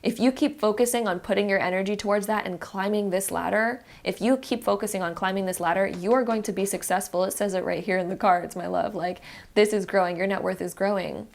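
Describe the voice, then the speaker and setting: A woman's voice: medium pitch, steady tone, a little fast, gravelly. A young woman giving a pick-a-card tarot reading in a chatty, encouraging way, speaking straight to the viewer. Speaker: tarot reader.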